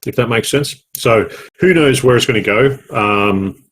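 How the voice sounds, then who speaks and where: Husky-voiced Australian man, rambling chat. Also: mid-range voice, a little slow, fairly bright tone. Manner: rambling, self-correcting, jokey. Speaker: podcast co-host. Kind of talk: casual chat.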